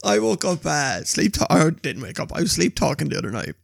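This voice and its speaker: Man, twenties, gravelly voice, dry close sound, animated storyteller. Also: fairly high pitch, fairly quick, no room sound. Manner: animated storyteller, swears a lot. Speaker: podcast co-host. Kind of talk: casual chat.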